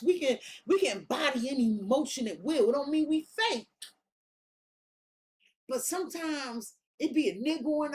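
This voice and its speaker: Blunt, high-voiced woman reading tarot. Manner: blunt, profane, slangy and emphatic. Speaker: tarot reader. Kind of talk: casual tarot reading monologue.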